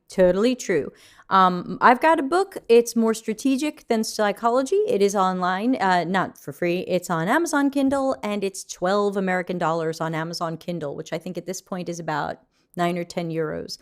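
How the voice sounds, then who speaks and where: A woman's voice: fairly low pitch, moderate pace, smooth. A middle-aged woman hosting a casual livestream Q&A, chatting loosely and reading viewer comments aloud. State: yawning, still waking up. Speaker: livestream host.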